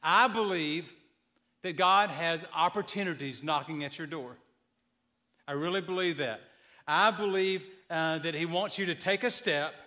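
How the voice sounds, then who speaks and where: Joking folksy male pastor, bright voice. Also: a little high. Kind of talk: sermon.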